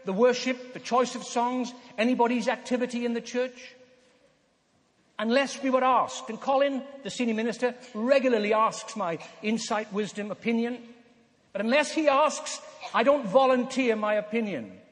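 An older man delivers a sermon in an earnest, emphatic way, slowing down for dramatic pauses. His voice sits high for a man. The sound carries the long reverb of a big hall. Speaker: preacher.

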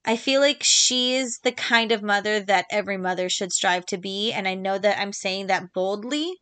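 A woman with a medium-pitched, pushed, bright voice hosts a casual solo book podcast, recorded dry. She chats emphatically, repeating points for stress, with plenty of ums and quick little laughs between points.

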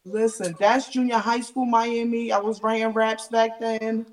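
A woman from Jamaica with a Jamaican accent, a battle rapper relaxed and laughing as a podcast guest. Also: a little high, measured pace, recorded from a distance. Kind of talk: casual interview chat.

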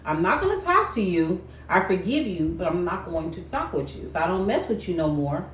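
A woman in a casual chat, playful and animated, acting out quoted lines. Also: lowish voice, brisk. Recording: echoey room, faint background noise.

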